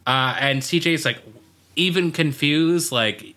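Man, bright voice, slightly higher pitch, casual rambling storyteller. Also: slow pace. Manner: rambling, animated storytelling with acted-out quotes. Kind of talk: casual chat.

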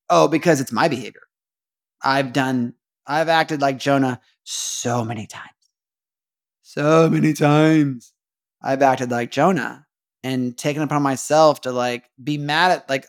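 A man's voice: medium pitch, steady tone, a little slow. A man hosting a casual devotional podcast, talking earnestly, repeating phrases and asking rhetorical questions. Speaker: podcast host.

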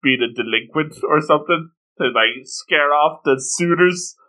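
A man in casual chat as co-host, adding quick, joking interjections. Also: a little high, bright, forceful tone.

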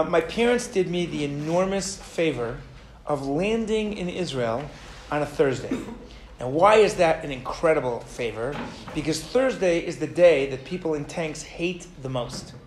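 A man teaching a class, telling a story in a lively, animated way and quizzing his students. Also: on the high side, normal speed, a little hiss or hum. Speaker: Torah teacher. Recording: echoey room with faint ambience.

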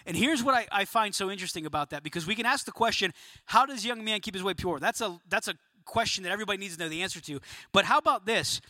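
A pastor preaching to a room of men, emphatic and questioning, sometimes dropping to a quiet, low voice for emphasis. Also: male voice, no room sound. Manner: emphatic, rising to near-shouting questions. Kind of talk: sermon. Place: room of about a hundred men.

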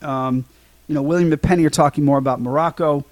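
A man's voice: a little high, fairly even intonation, fast talker, dry recording. A man co-hosting a podcast, casually recapping a film scene by scene, with lots of ums and restarts. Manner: rambling, many ums and restarts. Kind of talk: casual chat.

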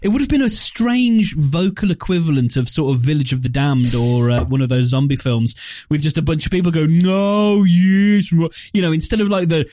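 A man's voice: a little high, brisk, dark tone, dry recording. A man hosting a casual podcast, moving between chatty anecdotes and light, comic readings of segment intros. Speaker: podcast host. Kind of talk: casual chat.

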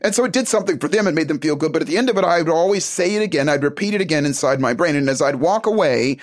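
Animated, emphatic motivational man speaking. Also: a little high, racing. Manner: animated, emphatic, acts out conversations. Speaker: self-help speaker. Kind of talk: motivational talk.

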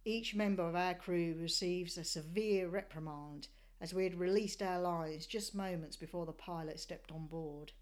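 Speaking on the low side with a darkish tone, an Australian woman narrates a sailing voyage. The scripted travel narration unfolds as measured, descriptive storytelling.

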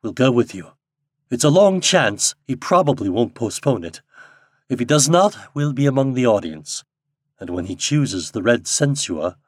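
A man reading an audiobook and voicing a gentle, frightened young woman from a primitive realm, speaking softly and pleadingly. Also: medium pitch, sing-song, normal speed, dry recording, studio quality. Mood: anxious.

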